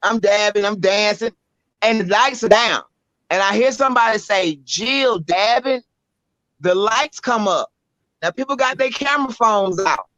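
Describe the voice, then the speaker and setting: A woman with a Southern US accent, a spoken word poet telling a story as an interview guest, animated, blunt and profane. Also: medium pitch, no echo. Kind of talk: casual storytelling. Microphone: podcast microphone. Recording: dull lo-fi audio.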